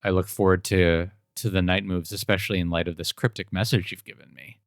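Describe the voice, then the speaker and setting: Laid-back low-voiced podcast guy. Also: little pitch movement, a little fast, no echo, studio quality. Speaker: podcast co-host. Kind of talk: casual chat.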